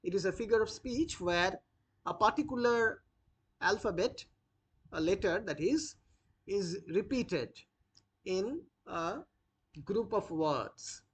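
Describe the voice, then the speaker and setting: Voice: mid-range voice, animated, slow pace, long pauses, breathy edge. A teacher dictating notes for a literature lesson, repeating each phrase and spelling out words letter by letter. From India. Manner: frequent "uh" fillers when explaining.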